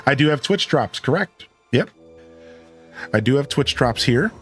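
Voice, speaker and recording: A man's voice: mid-range voice, expressive, a little slow, fairly bright tone, soft background music. A man casually chatting while live-streaming a video game, reading chat and laughing easily. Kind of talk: casual live gameplay commentary.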